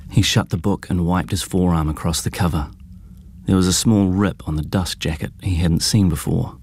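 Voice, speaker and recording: A man narrates an audiobook in a measured, even way. His voice sits very low, and the recording is dry and close with no room sound. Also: breathy edge, no room sound.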